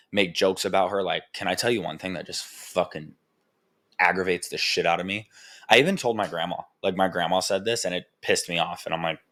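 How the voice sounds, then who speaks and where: A young man with a low voice talks candidly into a podcast mic. He rambles, swears freely and leans on filler words as he works through his thoughts. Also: fairly bright tone. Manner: rambling, frank and profane, full of "like" fillers. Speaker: podcast host. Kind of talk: candid personal podcast monologue.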